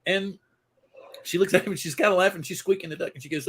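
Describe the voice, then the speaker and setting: A man's voice: high-pitched, fast talker, slightly rough. A man hosting a podcast who tells a long joke in a rambling, casual way, restarting his sentences often. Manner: rambling, embellished storytelling with restarts. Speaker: podcast host.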